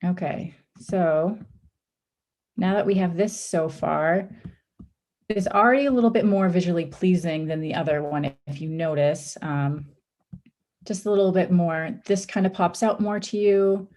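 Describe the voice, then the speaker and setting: A woman runs a live design tutorial over a video call, talking step by step in an easygoing way. Her voice sits low and mellow, a little worn because she is losing it. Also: unhurried. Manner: casual, step-by-step, with frequent ums and oopses. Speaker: workshop instructor.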